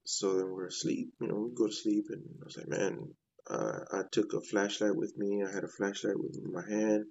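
A low-pitched man with a gravelly edge recounts a strange night in a slow, rambling way. He keeps looping back through "I was like" as he talks. The recording is dull and lo-fi. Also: darkish tone, a little hiss or hum. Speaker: guest sharing a paranormal story. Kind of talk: casual storytelling.

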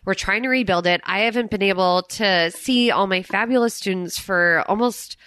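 A woman's voice: medium pitch, moderate pace, fairly bright tone, clean tone, no room sound. A woman hosting a podcast in casual chat, bubbly and effusive, who teaches dance fitness classes. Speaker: podcast host.

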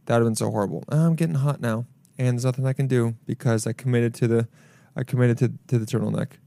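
A man's voice: medium pitch, fairly even intonation, fast, vocal fry, no echo. Rambling, jokey young man podcasting alone. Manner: rambling, loud, jokey, swears a lot. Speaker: podcast host. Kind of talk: solo podcast rant. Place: apartment. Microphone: camera mic.

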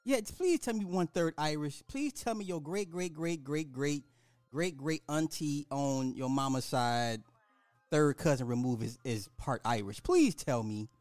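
A man's voice: unhurried, darkish tone, no echo, soft background music. A man hosting a commentary podcast, reacting to a clip with incredulous mockery. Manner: incredulous, swinging wildly in pitch, mocking. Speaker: podcast host.

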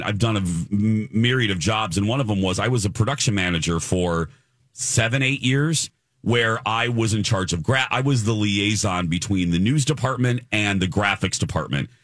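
A middle-aged man hosting a talk show, telling a story in a chatty, animated way and laughing often. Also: fairly low pitch, moderate pace, no echo, studio quality. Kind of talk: casual on-air storytelling.

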